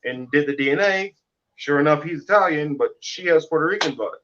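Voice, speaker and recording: A man from Kansas City talks through a story in a loose, rambling way, full of fillers. His voice sits a little high. The audio is muffled and lo-fi. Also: a little fast, fairly bright tone. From Kansas City, Missouri. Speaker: co-host. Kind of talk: casual panel discussion.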